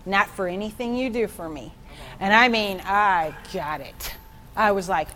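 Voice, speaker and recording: A woman in her forties giving a personal testimony at a church meeting, telling her story with feeling and sudden high exclamations. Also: measured pace, bright, forceful tone, a little hiss or hum. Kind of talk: testimony sermon.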